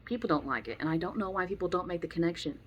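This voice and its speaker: A woman's voice: fairly low pitch, very fast, slight background noise. A young woman giving blunt, opinionated advice about dogs and kids in a casual monologue. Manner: blunt, opinionated, acts out quoted voices. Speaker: dog trainer vlogger.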